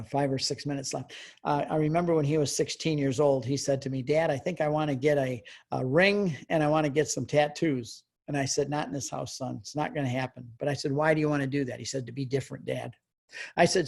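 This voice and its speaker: An older man giving a storytelling Catholic retreat talk, passionate and exhorting, moving between quiet earnest stretches and fervent outbursts. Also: a little high.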